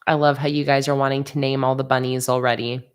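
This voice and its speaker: A woman's voice: a bass voice, little pitch movement, fast talker, clear, resonant tone. A woman livestreaming as she designs stickers, chatting casually and reading viewer comments aloud with easy laughs. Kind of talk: casual livestream chat while drawing.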